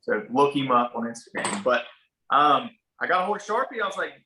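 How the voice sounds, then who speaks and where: Bright-voiced rural Ohio man telling stories. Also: medium pitch, animated, brisk. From small town in Ohio. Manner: laid-back, swears, acts out quoted dialogue. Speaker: podcast guest, barber. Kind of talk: casual storytelling. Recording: roomy echoey room.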